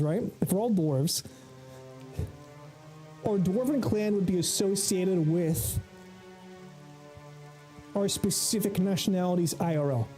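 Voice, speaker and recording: A man's voice: sits high, dark tone. A man from the American South with a Southern accent, chatting casually and jokingly to his chat while livestreaming a game. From United States. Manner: joking, rambling, talks to chat. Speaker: streamer.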